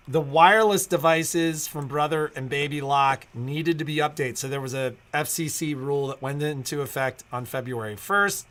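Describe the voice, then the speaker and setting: A man's voice: on the high side, fairly bright tone. A middle-aged man hosting a casual livestream for his store, rambling through updates with many "so, um" fillers and restarts.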